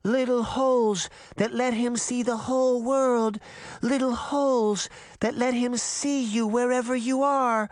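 A man voicing a fragile, confused little girl who is high and tearful, in a storybook reading. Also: steady tone, unhurried, dry recording, clean studio sound, natural voice. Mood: haunted.

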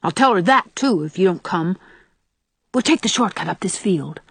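A woman's voice: fairly low pitch, expressive, moderate pace, vocal fry, a bit bright, slightly rough, no echo, heavily acted. A woman reading the part of a defiant nine-year-old boy who talks back recklessly and boasts. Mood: bossy.

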